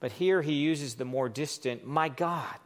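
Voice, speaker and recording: Male pastor, slightly high voice, measured deliberate sermon delivery with dramatic scripture quotes.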